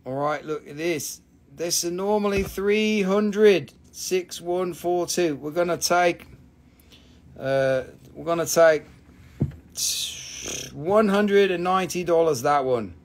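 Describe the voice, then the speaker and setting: A high-voiced man hosts a casual live stream sale of rocks and crystals, speaking at a slow pace. He teases and jokes profanely, and whenever he gets flustered he trails off with repeated fillers.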